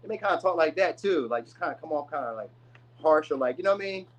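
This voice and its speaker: Man, tarot reader, rapid delivery, slightly high voice, loose slangy rambling. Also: animated, lo-fi sound. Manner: rambling, slangy, full of "you know what I mean". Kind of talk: casual tarot reading.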